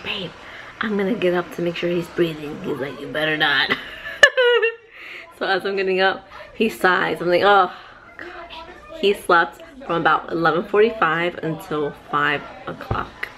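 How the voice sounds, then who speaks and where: A woman, a mother, telling a lively casual vlog story at home to a handheld camera, adding playful sound effects. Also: on the low side, moderate pace. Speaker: vlogger and mother.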